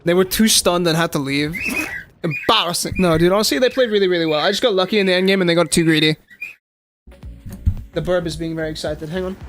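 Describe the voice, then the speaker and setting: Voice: medium pitch, fast talker, faint music behind. A young adult streamer giving casual, slangy live commentary on a match and talking straight to chat. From South Africa. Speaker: game streamer.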